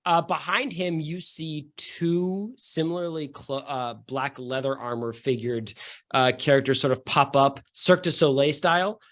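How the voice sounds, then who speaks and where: A man's voice: on the high side, a little slow, a bit bright. A man running a tabletop game as game master, narrating casually with lots of fillers and self-mocking jokes.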